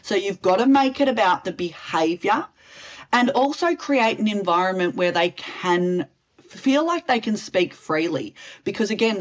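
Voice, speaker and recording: A woman, a communications specialist answering interview questions in a direct, expressive way and acting out example lines. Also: medium pitch, highs cut off. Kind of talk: interview answers, expert advice.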